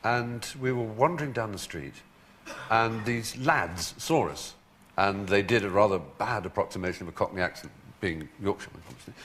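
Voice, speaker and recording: A man's voice: fairly low pitch, sing-song, fairly quick, fairly bright tone, slight background noise. A man as a talk show guest, telling stories in a wry, theatrical way with frequent laughter. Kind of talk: anecdotal chat.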